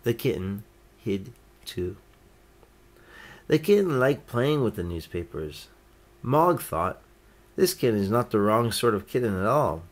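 A man reading a children's picture book aloud, gently lifting his voice for each character's lines. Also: fairly low pitch, very animated, measured pace, pauses often. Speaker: storyteller.

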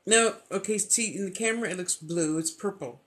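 A woman vlogger in casual, gushing chat while opening a gift box. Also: mid-range voice. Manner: gushing, thankful, talks slowly.

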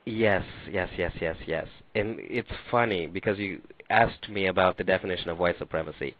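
A male author answers interview questions in an articulate, explanatory way. His voice is somewhat low. It comes through a dry, tinny phone line. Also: moderate pace, no room sound. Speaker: author, guest.

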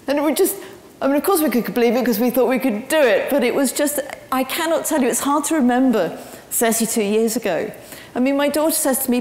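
A woman giving a public lecture, telling her story in a lively way with frequent ums. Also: on the high side, a little fast. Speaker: guest speaker. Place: lecture hall. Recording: roomy hall with long reverb.

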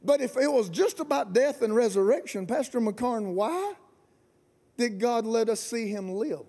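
Gravelly high-pitched shouting preacher. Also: male voice, animated, a little slow. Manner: shouting, colloquial, Southern-style preaching with rising emphasis. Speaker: guest pastor. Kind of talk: fiery preaching sermon. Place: large camp meeting venue.

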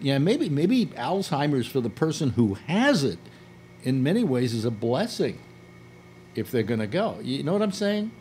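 A man's voice: mid-range voice, a little hiss or hum. An older man hosting a casual conversation, talking in a rambling way, restarting his sentences often. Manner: animated, rambling with many restarts. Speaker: host.

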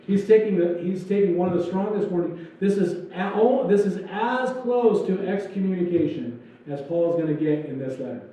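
A man's voice: high voice, moderate pace, warm tone. A man preaching a sermon as pastor, in a loose, joking style with acted-out asides. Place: church sanctuary. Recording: echoey church hall, distant dull mic.

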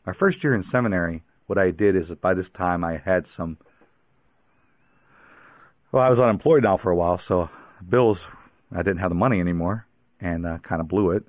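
A man's voice: low-pitched, moderate pace, long pauses, no room sound, clean studio sound. A man from the Pittsburgh area, a priest, telling his personal faith story as a radio interview guest, chatty and often laughing.

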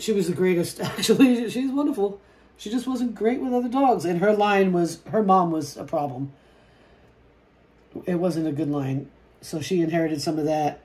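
A woman vlogger chatting casually while she paints, soft-spoken and reflective, often trailing off mid-sentence. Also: lowish voice. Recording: roomy echo with faint noise.

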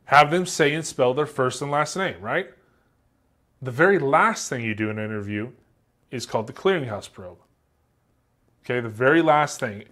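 A man's voice: medium pitch, moderate pace, pauses often, fairly bright tone. A man teaching a class in a casual, joking way, acting out example answers with a light Southern American accent. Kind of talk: classroom lecture.

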